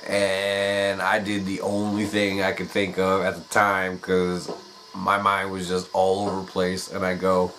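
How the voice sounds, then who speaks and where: A man telling a comedic personal story in an animated way, swearing freely. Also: low voice, normal speed, slight background noise, poor audio.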